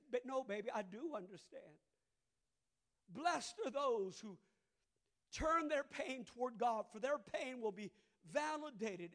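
A middle-aged man with a Cajun Louisiana accent preaching a sermon, moving between soft conversational asides and loud, drawn-out preaching. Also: extremely high pitch. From southern Louisiana. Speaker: pastor.

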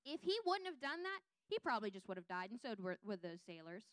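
A woman teaching a Bible lesson, reading scripture aloud with lively voiced quotes and checking in with her listeners. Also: medium pitch, fast talker, no room sound.

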